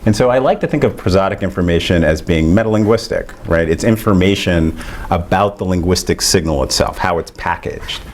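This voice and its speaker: A middle-aged man giving an academic lecture, explaining ideas in a measured way with frequent fillers. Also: low voice, a little hiss or hum.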